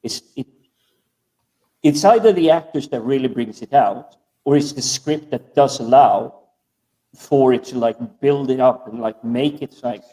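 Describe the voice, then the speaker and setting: A man's voice: medium pitch, unhurried, mellow. A man chatting casually as a podcast co-host, rambling and stammering over repeated words. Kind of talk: casual chat. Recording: distant from the mic.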